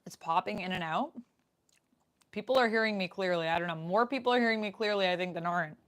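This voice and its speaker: A woman's voice: mid-range voice, fast talker, a bit bright. A young woman streamer chatting casually with her viewers in a live Q&A, reading out their comments as she goes. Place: home room, indoors. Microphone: desk microphone.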